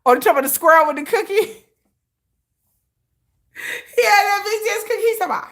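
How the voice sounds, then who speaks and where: On her live stream, a brash woman with a bright, high voice rants briskly to viewers, pausing often. She curses freely and animatedly plays out her own retorts, swinging her pitch up and down sharply.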